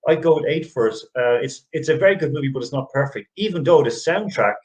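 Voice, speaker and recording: A man's voice: fairly high pitch, expressive, quick pace, highs cut off. Rambling middle-aged male podcast host. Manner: rambling, restarts often, chuckles. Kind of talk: casual movie review chat.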